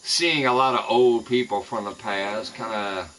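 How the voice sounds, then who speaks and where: A man's voice: lowish voice, measured pace, sharp tone, slight background noise, rough recording. A man streaming live from home, ranting angrily and swearing heavily at people he says spread lies about him. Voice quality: profane, heated ranting. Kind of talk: angry live-stream rant. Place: home in the American Midwest.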